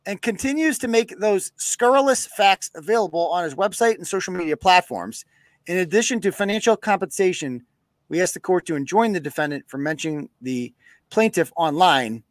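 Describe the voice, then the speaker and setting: A man's voice: high voice, lively intonation, normal speed, no echo. A man from New hosting a live show, cursing bluntly and acting out quoted exchanges in a casual rant. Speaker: podcast host.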